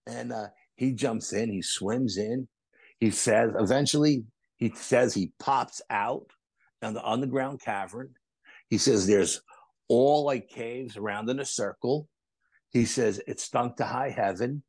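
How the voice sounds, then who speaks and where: Gravelly New storyteller, middle-aged man. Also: mid-range voice, unhurried, dry recording. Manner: animated storyteller, repeats phrases for emphasis. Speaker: podcast guest. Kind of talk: storytelling in casual conversation.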